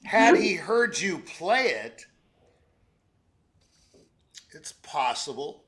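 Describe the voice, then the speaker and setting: Older man, judge's critique, high bright voice, rambling and lively, hums the music. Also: very slow. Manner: rambling and animated, sings out phrases, laughs often. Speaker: competition juror giving feedback. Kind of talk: spoken critique of a performance.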